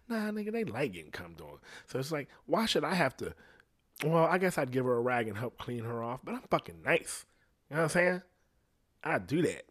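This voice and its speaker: In a rambling comic monologue laced with profanity, a man hosting a podcast constantly checks in with "you know what I'm saying." His delivery is animated, with pitch and loudness swinging sharply from phrase to phrase.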